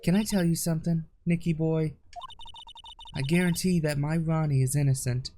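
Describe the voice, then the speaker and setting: A man's voice: a little high, steady tone, moderate pace, over music, lightly acted. A man voicing a doting girlfriend in a put-on American Southern accent, with sugary endearments.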